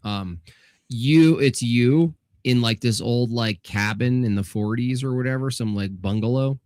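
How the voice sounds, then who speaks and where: A male co-host chatting on a livestream, animated and giggly as he spins out ideas. His voice sits at a middling pitch in a dry, close recording. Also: a little slow, no echo. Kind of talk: casual livestream chat.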